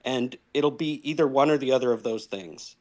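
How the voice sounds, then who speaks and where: A man chats casually, with a voice at an ordinary pitch for a man. He jokes about himself with an easygoing, self-mocking humor. He talks as one of the regulars in a loose group conversation. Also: normal speed, a little mellow. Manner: joking, self-deprecating. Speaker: regular participant in a chat room. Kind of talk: casual chat.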